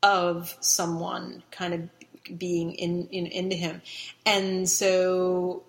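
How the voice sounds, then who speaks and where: A woman's voice: fairly low pitch, monotone, very slow, creaky. A middle-aged woman, a guest in an interview, telling a long story casually, rambling with restarts and fillers, sometimes laughing as she talks.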